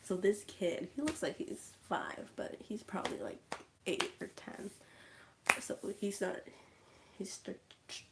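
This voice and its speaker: Chatty woman narrating a film recap slowly, medium pitch, acting out the scenes. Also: background noise. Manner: animated, chatty, acts out scenes, drops to whispers. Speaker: vlogger recapping a movie. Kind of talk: casual storytelling livestream.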